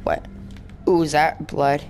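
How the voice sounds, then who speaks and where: Slow, gravelly young man playing a game. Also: fairly high pitch, flat delivery, darkish tone, soft background music. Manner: rambling, mock-insulting the game characters. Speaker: gaming channel host. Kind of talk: let's play commentary.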